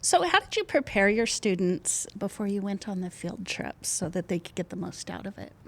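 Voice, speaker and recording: A woman's voice: medium pitch, big pitch swings, moderate pace, creaky. A woman host interviewing teachers with short, prompting questions. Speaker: podcast host.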